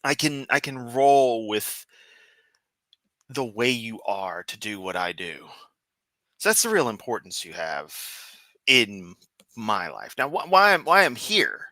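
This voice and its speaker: A man's voice: medium pitch, big pitch swings, unhurried, sharp tone, dry recording. A man from Memphis with a Southern accent, giving sarcastic, goofy, profane commentary on a livestream. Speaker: streamer host.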